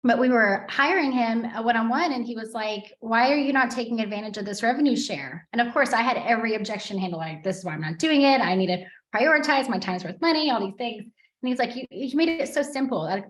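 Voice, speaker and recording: A woman's voice: on the high side, fast talker, roomy sound. A woman who leads a real estate team tells her story as a guest on a video call, chatty and upbeat.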